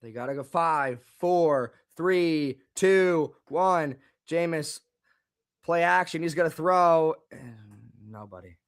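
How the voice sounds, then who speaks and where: A man reacting live to a football game, swinging from low muttering to angry shouting and repeating words. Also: animated, slow, clear, resonant tone. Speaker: fan reaction streamer.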